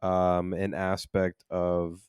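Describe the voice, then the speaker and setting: A man's voice: low voice, completely flat delivery, slow, a little mellow, clean tone, no echo, studio quality. A young man co-hosting a podcast, talking in an easygoing, casual way with lots of fillers. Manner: easygoing, filler-heavy, laughs along. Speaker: podcast co-host. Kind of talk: casual chat.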